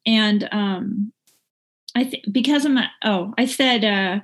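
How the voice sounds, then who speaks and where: Middle-aged woman, plain mid-pitch voice, candid halting testimony, sincere and unpolished. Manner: candid, heartfelt, halting with fillers and restarts. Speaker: recovering drinker sharing her story. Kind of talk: personal recovery testimony. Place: lives in Northern California.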